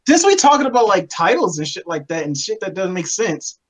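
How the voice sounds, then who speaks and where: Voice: mid-range voice, very animated, brisk. A person in a casual chat on a video call, complaining heatedly and profanely. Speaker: podcast co-host. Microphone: video call mic.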